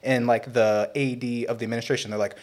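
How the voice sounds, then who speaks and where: A young adult man co-hosting a podcast, telling a long story casually, swearing and loudly acting out what others said. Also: medium pitch, fast. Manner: animated, swearing, acts out quotes loudly. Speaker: podcast co-host.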